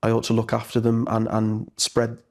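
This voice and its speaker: A stage actor from Merseyside, England, answers questions in a casual interview, earnest and reflective, frequently restarting his sentences. His mid-range voice is monotone with vocal fry, at a normal speed.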